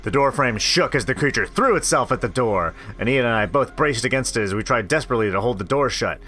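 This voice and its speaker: A man's voice: mid-range voice, fast talker. A man reading a horror visual novel aloud, reacting and joking between lines, into a desktop microphone. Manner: expressive, reacts aloud, swears. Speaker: let's play host.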